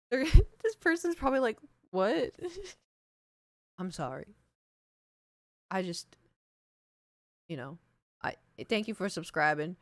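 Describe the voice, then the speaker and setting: A woman's voice: mid-range voice, animated, takes it slowly, long pauses, no room sound. A young adult woman streaming live, chatting casually in a rambling, self-deprecating way with lots of fillers and laughs, close on a large studio mic. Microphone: large studio microphone.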